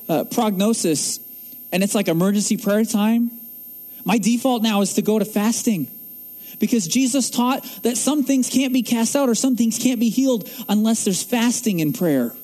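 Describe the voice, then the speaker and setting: High-voiced preacher delivering a sermon. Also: male voice, darkish tone. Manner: emphatic, rhetorical questions to the congregation. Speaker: pastor.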